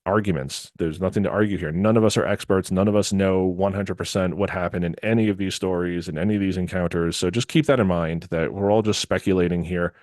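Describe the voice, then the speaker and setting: A man hosting a podcast, talking in a relaxed, easygoing way and laughing often. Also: low-pitched, fast talker, hardly any pauses, dry recording, studio quality. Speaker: podcast host. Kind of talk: casual podcast sign-off and chat.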